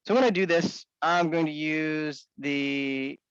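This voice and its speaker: A man walking through a software demo in a casual, think-aloud manner with frequent restarts. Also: on the high side, takes it slowly, smooth, no echo, lo-fi sound. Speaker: software developer demonstrating. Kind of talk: screen-share walkthrough.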